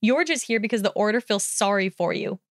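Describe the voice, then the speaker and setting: A woman voicing a sharp-tongued, haughty young witch in a storybook reading, speaking crisply and cuttingly. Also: mid-range voice, expressive, fairly quick, dry recording, clean studio sound, natural voice. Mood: defiant.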